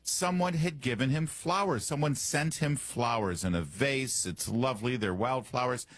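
A man's voice: medium pitch, normal speed, a bit bright, no echo. A man hosting a talk radio show, commenting in a sarcastic, mocking way from a studio microphone.

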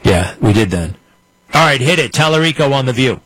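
A man's voice: mid-range voice, expressive, fairly quick, fairly bright tone, breathy edge, no room sound, rough recording. A man hosting a political commentary show, ranting in a combative, mocking way from a studio.

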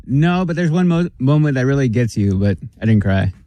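A man on a radio show, chatting casually in a relaxed, upbeat way. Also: medium pitch, fairly quick, no echo, muffled recording. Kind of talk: casual morning show banter.

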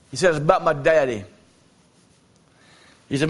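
A man preaches a sermon as a traveling evangelist. He tells homespun stories in a folksy, plain-spoken way. He stumbles over fillers and repeats phrases as he goes. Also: a little high. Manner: folksy, storytelling, repeats himself with halting fillers.

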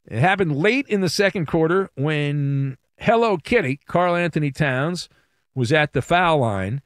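A man hosts a sports talk radio show from a studio microphone, his voice sitting a little high and swinging widely as he leans into playful, exaggerated emphasis. The sound is close and dry, with no room around it. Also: lively intonation, a little slow, no echo.

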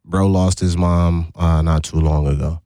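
A man's voice: low voice, flat delivery, a little slow, mellow, no echo, clean studio sound. Chatty man hosting live radio. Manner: chatty, laughing, coaxing a caller. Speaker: radio show host. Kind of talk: live radio banter with a caller. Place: radio studio. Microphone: studio microphone.

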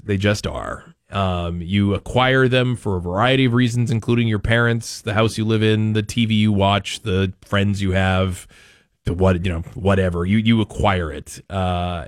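A man's voice: fairly low pitch, dry recording, studio quality. A man from Maine hosting a talk radio show in a chatty, rambling way. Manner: chatty, rambling, quick to joke. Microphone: studio microphone.

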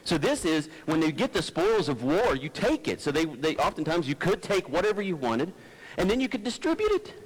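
Male pastor, chatty sermon, low-key folksy delivery, headset mic close to the mouth. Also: big pitch swings, brisk, breathy edge, rough recording. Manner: low-talking, folksy, digressive, stumbles and restarts. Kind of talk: conversational sermon.

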